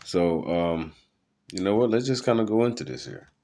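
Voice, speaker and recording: A man's voice: on the low side, moderate pace, warm tone. A man teaching in a loose sermon style, rambling through web articles with many fillers. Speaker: preacher.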